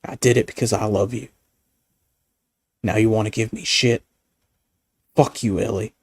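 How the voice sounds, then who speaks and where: A man doing a quick, mocking impression of a gruff, annoyed middle-aged Southern father figure who swears as he drawls. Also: on the low side, steady tone, no room sound.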